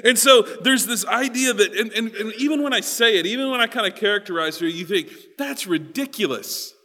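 Preaching emphatically amid long hall reverb, a male pastor repeats words often and slides between soft asides and loud stresses. His voice sits high, and he talks a little fast.

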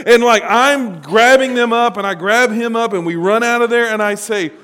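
A man preaching a sermon, telling stories in an animated way and acting out the voices. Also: extremely high pitch, normal speed. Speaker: pastor. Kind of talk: sermon with storytelling. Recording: long hall reverb.

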